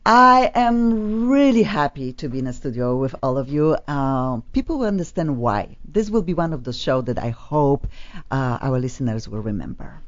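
A low-pitched woman speaks English with a foreign accent as she hosts a radio talk show. She is chatty and effusive and rambles warmly between topics. The studio audio sounds dull and lo-fi. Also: expressive, normal speed. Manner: chatty and effusive, laughs often.

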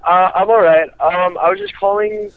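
A man's voice: sits high, fairly even intonation, moderate pace, no echo. A seventeen-year-old boy from Colorado calling in to a radio show, hesitant and full of "like" and "um". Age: teens. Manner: hesitant, lots of "like" and "um". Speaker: caller. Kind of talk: phone-in conversation. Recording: dull, dry phone-in line.

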